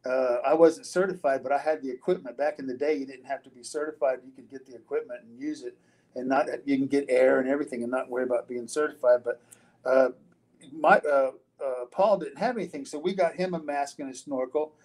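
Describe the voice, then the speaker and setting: A man's voice: mid-range voice, brisk, a little mellow, poor audio. An older man, a retired wrestler, answering interview questions in a loose storytelling way, with frequent restarts, fillers and casual swearing.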